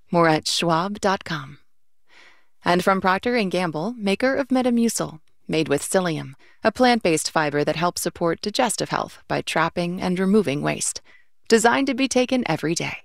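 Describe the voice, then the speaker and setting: A woman reads scripted radio sponsor messages in an even, announcer-style way. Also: fairly low pitch, vocal fry, dry recording, studio quality.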